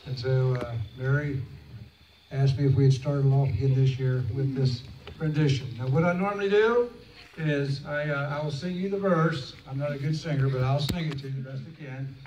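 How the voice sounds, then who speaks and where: A man's voice: medium pitch, normal speed, a little mellow, highs cut off. A man chatting folksily as he leads a crowd sing-along at an outdoor camp event, putting on a bit of a cowboy twang. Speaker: song leader at a camp event. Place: outdoor camp arena with stands. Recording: echoey, distant, crowd and noise.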